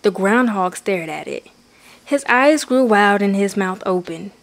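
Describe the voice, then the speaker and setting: A woman reading a children's picture book aloud, steady and expressive. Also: medium pitch, measured pace. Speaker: children's story reader. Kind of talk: storybook read-aloud.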